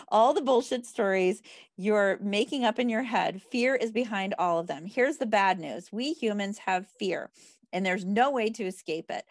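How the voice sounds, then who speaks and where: A woman's voice: mid-range voice, dry recording, studio quality. Laughing woman reading aloud. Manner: laughs often, stumbles over words while reading. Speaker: book club member. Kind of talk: casual group chat and reading aloud.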